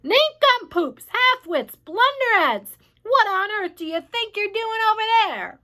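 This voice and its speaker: A woman voicing a boastful, rude male centipede who shouts insults in a storybook reading. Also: sits high, big pitch swings, moderate pace, pitched above the performer's own voice, exaggerated voice. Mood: yelling insults. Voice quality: brash shouting.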